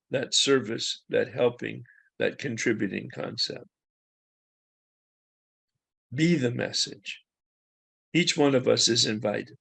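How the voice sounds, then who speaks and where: A man speaking at an unhurried, deliberate pace with a gravelly edge in his voice. He gives a reflective spiritual talk and stresses key words. He pauses now and then to clear his throat. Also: mid-range voice, a bit bright. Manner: slow, measured, emphatic on key words. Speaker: recovery program speaker.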